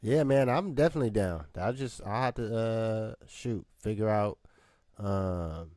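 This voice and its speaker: A man, co-host and rapper, chatting on a live video call in a rambling, halting, easygoing way. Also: lowish voice, warm tone, no echo, clean studio sound. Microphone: webcam video call.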